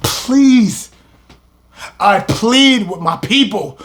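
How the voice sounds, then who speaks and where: A man teaching a scripture lesson with fiery passion, his voice breaking up as he shouts. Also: high voice, animated, measured pace. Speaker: religious teacher.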